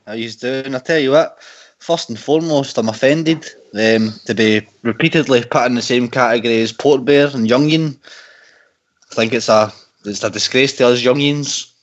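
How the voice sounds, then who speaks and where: A man's voice: medium pitch, normal speed. A Scottish man in his twenties calling in to a radio show, talking earnestly and peppering his speech with mate. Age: 20s. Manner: earnest, keeps saying mate. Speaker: caller. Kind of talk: casual radio phone-in chat. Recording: dull lo-fi call audio.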